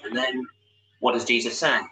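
A man's voice: mid-range voice, fairly even intonation, normal speed, recorded from a distance. A man preaching a sermon, explaining a scripture passage with frequent rhetorical tag questions. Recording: voice a little off-mic, faint hum.

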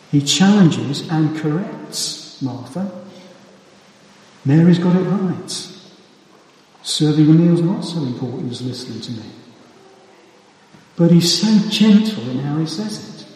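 Slow, measured preacher in an echoey hall. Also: male voice, on the high side, darkish tone, recorded from a distance. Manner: measured, deliberate delivery with emphatic pauses. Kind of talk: sermon.

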